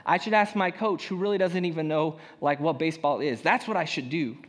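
A man's voice: a little high, brisk, fairly bright tone. A young man preaching a sermon as a pastor, telling a personal story in a casual, self-deprecating way. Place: church hall. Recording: long hall reverb.

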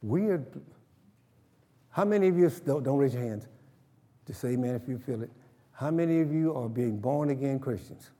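A man's voice: mid-range voice, animated, moderate pace, long pauses, warm tone, big-room sound. A man preaching a sermon, emphatic and calling for responses from the congregation. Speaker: pastor.

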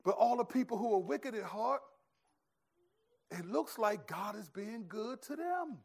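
A pastor preaching a sermon in an animated, conversational storytelling way. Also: male voice, sits high, a little slow, creaky.

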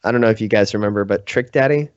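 A man's voice: fairly low pitch, rapid-fire, no echo, lo-fi sound. An American man chatting casually on a podcast, telling stories with a self-deprecating touch and plenty of fillers. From United States.

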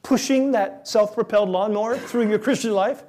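A man's voice: high-pitched, moderate pace, few pauses, darkish tone. A male pastor preaching a sermon, acting out both sides of a back-and-forth with an imagined listener. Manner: acts out a doubting listener in a raised, pleading voice; dialogue between himself and an imagined listener.

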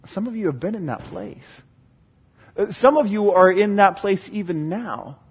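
A man preaching a sermon in an earnest style, swinging from hushed passages to fervent ones. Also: sits high, lively intonation, moderate pace, slightly rough, dull audio. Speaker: pastor.

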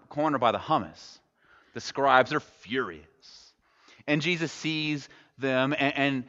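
A man's voice: mid-range voice, fairly bright tone. A man preaching a sermon as a pastor, retelling a story conversationally with wry humorous asides. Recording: echoey hall, dull lo-fi sound.

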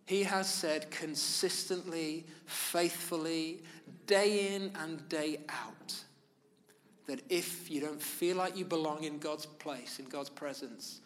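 A man preaching a sermon, speaking in measured, emphatic phrases with pauses. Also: a little high, fairly bright tone. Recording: long reverb of a large hall.

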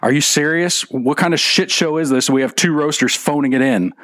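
A man's voice: a little high, a little fast, fairly bright tone, dry recording, clean studio sound. A man hosting a comedy roast podcast, introducing roasters with crude, playful jabs. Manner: profane, playful emcee. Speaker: podcast host.

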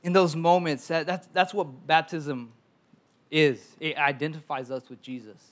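Young guy pastor preaching, kinda high voice, keeps stammering and repeating words. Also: steady tone, measured pace. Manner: stammering repetitions, conversational preaching. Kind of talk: sermon.

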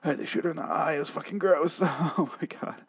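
A man putting on a grieving dad who lurches between forced cheer, high sobbing cries and whispers. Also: fairly even intonation, fast talker, slightly rough. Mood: bitter.

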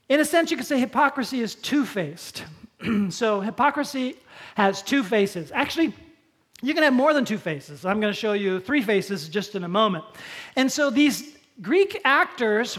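A pastor preaching a sermon in a conversational way, using props and slowing down for emphasis. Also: mid-range voice.

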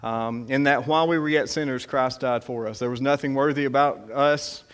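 A man gives a church sermon in an easygoing, conversational way, his voice sitting at an ordinary middle pitch. He stops and restarts often, leaning on little fillers as he reads verses and prays aloud. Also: a bit bright, smooth. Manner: conversational, halting, many fillers. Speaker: preacher.

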